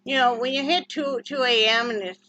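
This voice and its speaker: A woman's voice: a little high, steady tone, brisk, sharp tone. A woman from Wyoming chatting casually in a home vlog, rambling and short on sleep, who often slips into fond baby talk with her dog. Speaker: vlogger. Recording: dull lo-fi home recording.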